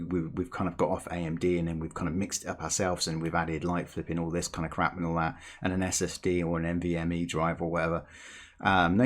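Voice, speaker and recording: Male gaming host, low gravelly voice, animated rambling rant. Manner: animated, rambling, repeats and restarts words. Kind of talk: ranting commentary.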